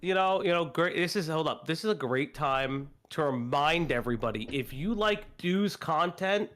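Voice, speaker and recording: Male guest streamer, lively swooping voice, a touch high, loose and profane. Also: normal speed, slight background noise. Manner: animated, laughing, swearing freely. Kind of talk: casual stream chat.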